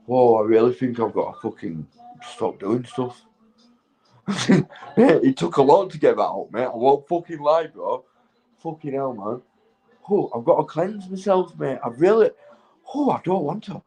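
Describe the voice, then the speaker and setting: A man's voice: medium pitch, warm tone, low-quality recording. Rambling stoned man, swearing. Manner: rambling, heavy swearing, laughs often. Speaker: vlogger. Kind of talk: casual rambling monologue.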